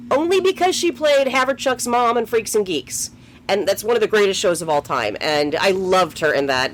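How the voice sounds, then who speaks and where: Movie podcast co-host, casual chat, very lively up-and-down delivery, exclaims and jokes, faint hiss. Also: medium pitch.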